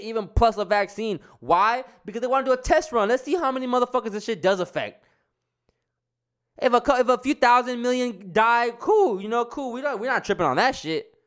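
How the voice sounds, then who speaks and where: A man's voice: sits high, a bit bright. A young man ranting heatedly in a casual monologue, swearing often and restarting his sentences. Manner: heated, profane, repetitive restarts. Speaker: vlogger.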